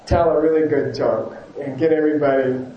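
A man's voice: on the high side, fairly even intonation, brisk, reverberant, dull audio. A man, a yoga teacher, giving a casual rambling talk to his class, often chuckling and correcting himself.

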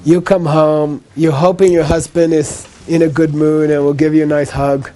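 Mellow-voiced man teaching a class. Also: on the high side, little pitch movement, moderate pace. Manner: repetitive, checks in with "okay?" after each point; patient explaining with a light laugh. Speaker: Buddhist teacher. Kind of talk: live lecture to a class.

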